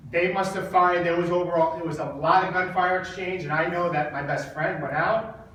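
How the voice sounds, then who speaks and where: A man speaking to an audience and telling an emotional personal story, halting and repeating words while holding back tears. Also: fairly high pitch, fairly even intonation, a bit bright. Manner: halting, repeats words, acts out quoted dialogue. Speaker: speaker at a coaching event. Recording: very echoey hall, mic far off.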